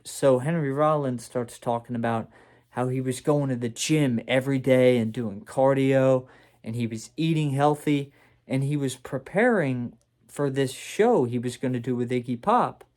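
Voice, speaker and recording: A man's voice: medium pitch, normal speed, a little mellow. A young man telling a story to camera in casual, rambling talk, self-deprecating, with many fillers and restarts, in a room at home. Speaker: vlogger.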